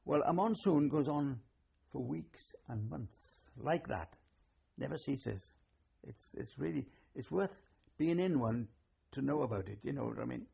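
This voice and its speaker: With a Welsh accent and a mid-range, lively voice that's creaky, mellow, and slightly rough, an aging veteran remembers his war years in an oral history interview. His telling wanders and halts with many restarts, and the recording sounds muffled.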